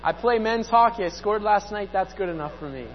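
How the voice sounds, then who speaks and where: A man's voice: high-pitched, a little fast. A man preaching a sermon as pastor, conversational and repeating key phrases for emphasis. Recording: dull sound, long hall reverb, mains hum.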